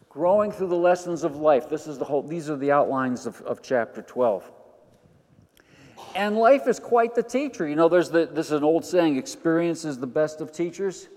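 An older man preaching a sermon as pastor, animated, moving between quiet asides and loud emphatic lines. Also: on the high side. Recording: long hall reverb.

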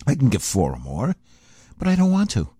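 A man's voice: mid-range voice, brisk, husky, dry recording. An older man hosting an oldies radio show, talking casually and loosely between records in a studio, with many fillers. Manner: lively, rambling, filler-heavy.

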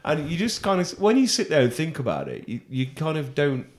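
A young man chats on a podcast, his pitch swinging up and down as he talks. He laughs often and swears casually between stories. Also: huge pitch swings, a little fast. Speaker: podcast co-host. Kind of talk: casual chat.

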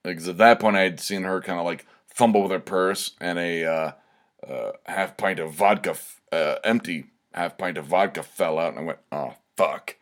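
A man's voice: sits low, normal speed. A man telling a long personal anecdote in a loose, conversational way, full of asides and fillers. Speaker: storyteller. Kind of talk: casual anecdote storytelling.

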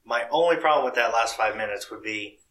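Bright-voiced young man, opinionated. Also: medium pitch, fairly quick, rough recording. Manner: opinionated, picks at plot details. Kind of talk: casual film discussion.

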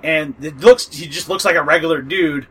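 Bright-voiced man rambling casually. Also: on the high side, a little fast, husky, rough recording. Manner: rambling, lots of fillers and profanity, laughs often. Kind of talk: casual book recommendation chat.

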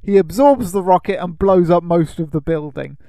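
A man's voice: high-pitched, lively intonation, normal speed, mellow, no echo. A man co-hosting a casual podcast chat, explaining the plot patiently and laughing often. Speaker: podcast co-host.

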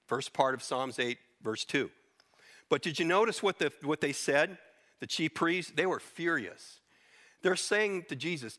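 A man's voice: a little high, a bit bright. A middle-aged man preaching a sermon, teaching through Bible verses earnestly with occasional restarts.

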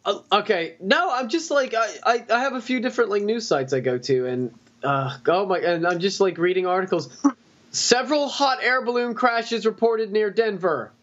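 A young man with a high, lively voice, talking loosely as a podcast co-host, rambling and swearing between laughs. The audio is dull and lo-fi. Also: moderate pace. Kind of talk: casual chat.

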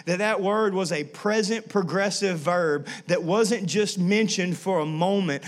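A man preaching a sermon as a pastor, telling family stories with playful asides and acting out voices. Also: high voice. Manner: animated storytelling with playful asides and acted-out voices.

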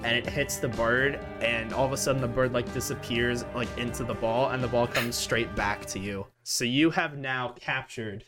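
A man's voice: mid-range voice, fairly even intonation, normal speed, few pauses, music in the background. A young man narrating as game master of a tabletop game, chatty and laughing often.

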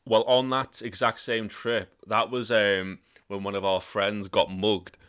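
A man's voice: level tone, a little slow, a bit bright, clear, resonant tone. A young man telling crude stories in casual chat, swearing freely. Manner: swears freely, laughs while telling stories, mimics voices in sudden high bursts.

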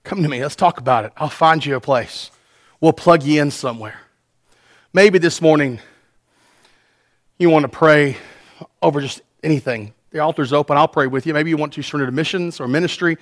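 A man preaching a sermon as pastor, earnest, swinging between soft passages and loud ones. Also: a little high, fairly quick, long pauses.

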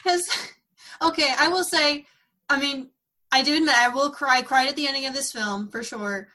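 Bright, high-voiced woman podcaster. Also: normal speed. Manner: chatty, emotional, laughs often. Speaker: podcast co-host. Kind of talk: casual podcast chat.

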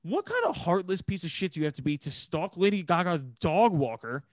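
A man's voice: high voice, big pitch swings, a little fast, no echo, studio quality. A man co-hosting a podcast, talking emphatically in casual chat and swearing freely. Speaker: podcast co-host.

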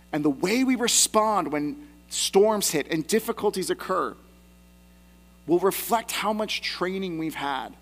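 A man's voice: high voice, fairly bright tone. A man in his thirties, a pastor preaching a sermon in a conversational, self-deprecating way with personal asides.

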